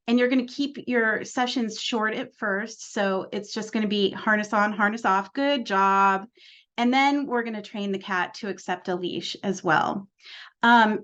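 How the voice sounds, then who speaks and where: A woman's voice: fairly high pitch, muffled recording. A woman giving a webinar presentation on cat training, explaining in a friendly way with frequent fillers and repeated words. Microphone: video call.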